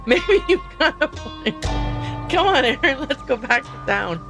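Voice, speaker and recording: A woman's voice: high voice, sing-song, measured pace, over music, voice pushed up, heavily acted. A woman voicing an earnest, upbeat young female vlogger who hunts monsters in a narrative game.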